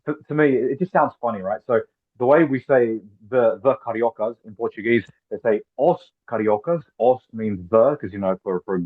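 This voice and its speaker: A man's voice: medium pitch, moderate pace. A man interviewing in casual conversation, chatty and explaining things with amused asides. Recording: phone-like narrow sound.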